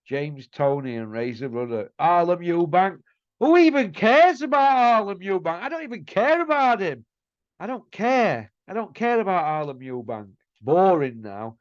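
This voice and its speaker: A man's voice: high-pitched, very animated, normal speed, no echo, lo-fi sound. A man, hosting a casual show and ranting bluntly and scornfully. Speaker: host.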